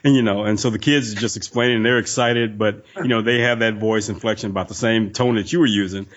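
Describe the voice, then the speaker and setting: A man co-hosting a podcast in casual chat, quick and enthusiastic. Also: lowish voice, steady tone, a bit bright, highs cut off.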